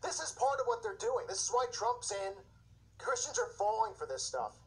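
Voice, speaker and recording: A man's voice: sits high, big pitch swings, normal speed, low-quality recording. A man hosting his own show, delivering an impassioned, indignant religious commentary with mocking asides. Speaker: show host.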